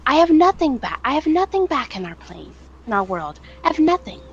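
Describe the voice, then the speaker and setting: A woman's voice: medium pitch, highs cut off, a little hiss or hum, lightly acted. A determined former slave woman, as a woman plays her. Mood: impassioned. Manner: emphatic, impassioned, halting.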